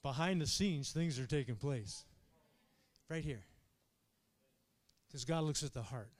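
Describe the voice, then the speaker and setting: A man preaching a sermon to his congregation, animated, calling out for amens and swinging between quiet asides and shouted high points. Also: measured pace. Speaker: pastor.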